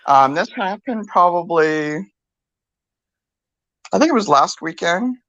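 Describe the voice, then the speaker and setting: A woman's voice: fairly low pitch, expressive, slow, a bit bright, dry recording, highs cut off. An older woman co-hosting a podcast, rambling chattily through a story with many restarts. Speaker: podcast co-host. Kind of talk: casual chat, storytelling.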